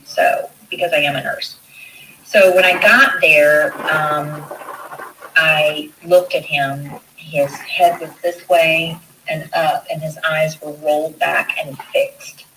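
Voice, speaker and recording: A woman nurse tells her story in an interview, livening it up by acting out what others said. Her voice is bright and a little distant, like a news clip played back with faint noise behind it. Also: low-pitched, fairly even intonation, slow pace. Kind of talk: recounting an event in an interview.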